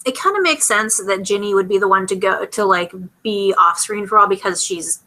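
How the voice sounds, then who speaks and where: A young American woman casually recapping a TV episode, rambling and acting out the characters' lines in quick asides. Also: mid-range voice, pushed and bright, poor audio. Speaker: vlogger.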